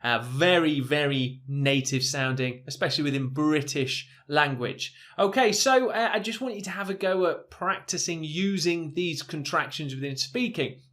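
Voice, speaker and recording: A man teaching English pronunciation in a recorded lesson, talking slowly and patiently with fillers and repeating sounds for learners to copy. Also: fairly high pitch, a bit bright. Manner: slow and patient, modelling sounds, many fillers.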